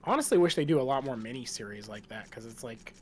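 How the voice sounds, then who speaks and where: A man's voice: mid-range voice, expressive, quick pace. A man streaming a game, chatting loosely with friends, swearing freely and jumping between tangents. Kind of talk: casual chat during a game stream.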